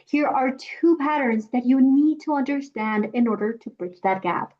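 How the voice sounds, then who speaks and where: Woman, language teacher, scripted lesson, slightly high voice, dull lo-fi sound. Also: faint music behind. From Mexico. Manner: slow careful demonstration of phrases. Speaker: Spanish teacher.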